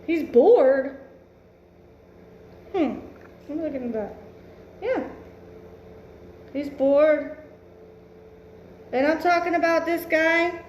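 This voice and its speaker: A woman's voice: sits high, very slow, long pauses, darkish tone, reverberant, highs cut off, a little hiss or hum. Blunt, swearing woman tarot reader. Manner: blunt, emphatic, swears freely, musing aloud. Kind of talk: casual tarot reading.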